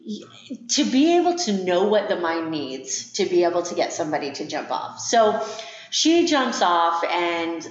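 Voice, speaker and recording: A woman's voice: fairly low pitch, sing-song, measured pace. A woman co-hosting a podcast in reflective, casual chat, laughing often. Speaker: podcast co-host. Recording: echoey room, dull lo-fi sound.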